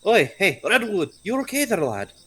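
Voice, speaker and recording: A player voicing a brash young male hunter who calls out loudly with a rough British-style twang. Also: medium pitch, very animated, normal speed, voice pushed up, heavily acted. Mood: loud, hearty.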